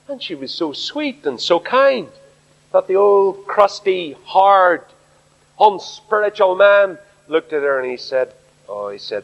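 A man's voice: high voice, very animated, moderate pace. A man preaching an earnest sermon at a Bible study, asking rhetorical questions. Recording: echoey hall, dull lo-fi sound.

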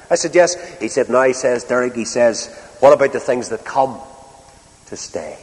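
A man with a Northern Irish accent preaching a sermon, telling a story with slow, stressed phrases and dramatic pauses. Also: medium pitch. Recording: reverberant hall.

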